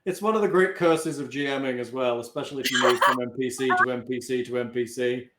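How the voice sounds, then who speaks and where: A man's voice: mid-range voice, fast talker, heavy background noise. Echoey joking male game master. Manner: jokey, easygoing. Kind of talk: running a tabletop game, casual banter. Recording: echoey room.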